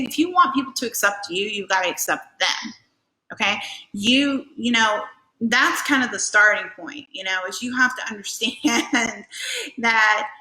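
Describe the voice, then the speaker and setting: A woman giving a casual motivational talk as a life coach, chatty and animated, acting out little scenes and swearing casually. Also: a little high. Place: indoor room at home. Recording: echoey room.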